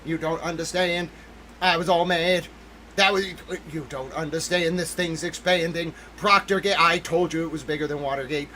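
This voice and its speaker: Excitable high-voiced male stream host. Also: normal speed, a little hiss or hum, rough recording. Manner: excitable, emphatic, keeps repeating "listen to me"; talks to chat members directly by name. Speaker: livestream host. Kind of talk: livestream commentary.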